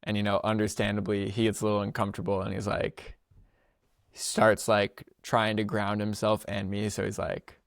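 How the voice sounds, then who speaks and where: A young man with a low, gravelly voice tells a story on his podcast in a loose, rambling way, with plenty of slang and quick laughs. The sound is close and dry. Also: monotone, no room sound. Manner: rambling, laughs often, filler-heavy slangy speech. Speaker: podcast co-host. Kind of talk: casual storytelling chat.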